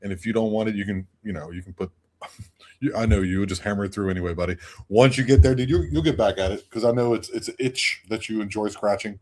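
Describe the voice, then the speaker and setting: A man's voice: on the low side, fast, darkish tone. A man co-hosting a podcast in casual, profane chat, often breaking into cackling laughter. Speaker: podcast co-host.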